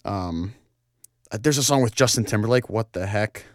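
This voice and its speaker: A man's voice: fairly low pitch, moderate pace, no echo, clean studio sound. A young man hosting a college radio show, chatting casually with many fillers, easily flustered and apologetic. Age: young adult. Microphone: studio microphone.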